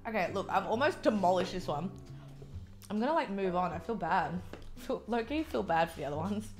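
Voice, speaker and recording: A young Australian woman with an expressive, mid-range voice talks a little fast, with faint music behind her. A mukbang vlogger, she chats casually while eating on camera, peppering her talk with "like" and working herself up into a heated rant.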